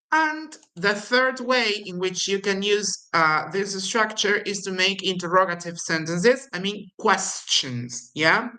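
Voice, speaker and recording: A woman with an Argentine Spanish accent teaching English grammar, slowly explaining and repeating example sentences with exaggerated intonation. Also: mid-range voice, sharp tone, low-quality recording. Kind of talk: recorded language lesson.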